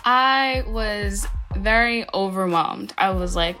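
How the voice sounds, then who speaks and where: Young woman, bright tone, mid pitch, anxious quick storytelling. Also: fairly even intonation, faint music behind. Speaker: daughter recounting a birth. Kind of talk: storytelling interview.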